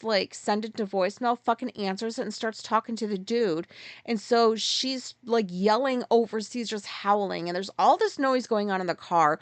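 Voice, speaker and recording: A woman in her forties hosting a casual solo podcast, rambling through a story, swearing freely and loudly acting out her own outbursts. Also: mid-range voice, no room sound. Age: 40s. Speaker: podcast host. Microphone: podcast mic.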